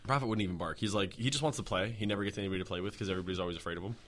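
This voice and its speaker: A man co-hosting a relaxed podcast, with a bright, forward tone. He talks loosely and jokes around, telling stories with plenty of laughs. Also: low-pitched, racing. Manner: joking, laughs often, animated storytelling. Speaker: podcast co-host. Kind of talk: casual podcast chat.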